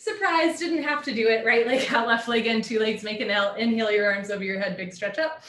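A woman leading a live yoga class from home, calling out poses briskly and dropping in chatty asides. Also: fairly high pitch, fairly bright tone, echoey room. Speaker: yoga teacher.

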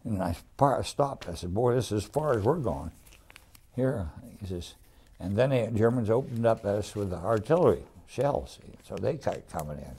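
A man's voice: fairly low pitch, lively intonation, normal speed, mellow, breathy edge. An older man, a WWII veteran, recalling his wartime experiences in a rambling, folksy way for an oral history. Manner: rambling, folksy storytelling with restarts.

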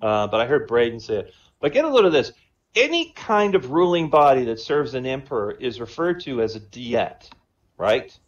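A man's voice: medium pitch, sing-song, normal speed, lo-fi sound. A man telling a string of jokes in casual style, chatty and laughing at his own punchlines. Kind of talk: casual joke-telling on a voice chat. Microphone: online voice chat.

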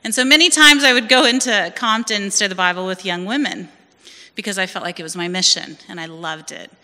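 A woman in her forties from California tells her personal testimony at a church service. She speaks in a lively storytelling way and acts out the people she quotes. Her voice is very bright and sharp, and it rings with a long reverb from the church hall around her. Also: medium pitch, a little fast. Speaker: church member giving testimony.

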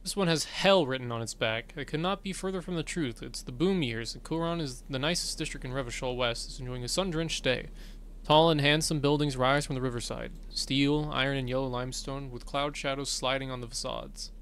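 A man's voice: mid-range voice, brisk, a bit bright, a little hiss or hum. A male streamer casually reading game text aloud and making wry asides while playing. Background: game music.

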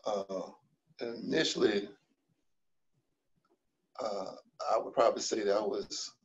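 Man, salon co-owner, very slow and halting, dull lo-fi call audio. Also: fairly low pitch, a little hiss or hum. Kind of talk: panel discussion on a video call.

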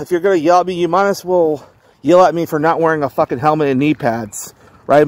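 A man's voice: fairly high pitch, a little mellow, no echo, rough recording. A man venting indignantly, ranting with heavy swearing and repeated rhetorical questions. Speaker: vlogger. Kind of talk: angry venting monologue.

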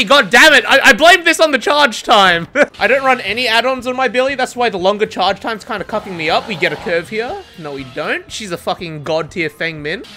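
A gamer giving excitable live commentary over gameplay, swearing and laughing often. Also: mid-range voice, a little hiss or hum. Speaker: gamer streaming a match.

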